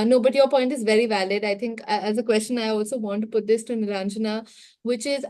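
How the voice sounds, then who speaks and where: A woman moderating a book club discussion, thoughtful and measured. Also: fairly high pitch.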